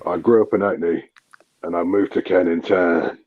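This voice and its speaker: A man doing an impression of a laid-back male actor with a London accent, low and drawling, on dull lo-fi audio. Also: fairly even intonation, moderate pace.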